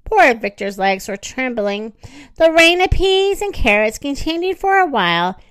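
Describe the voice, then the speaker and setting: A woman reading a children's story aloud in an expressive, animated way. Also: high voice, unhurried, clear, resonant tone, dry recording.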